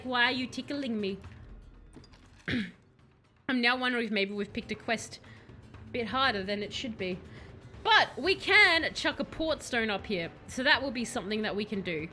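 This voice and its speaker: A young woman streaming a game, chatting casually and excitedly, joking and calling out to her companions. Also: high-pitched. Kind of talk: casual live gameplay commentary.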